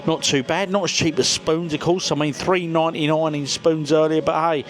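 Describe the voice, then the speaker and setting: A man's voice: a little high, steady tone, brisk, poor audio. A man vlogging casually to camera, jokey and chatty, talking straight to his viewers. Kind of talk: casual vlog talk to camera. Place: outdoors on a town street and in a pub.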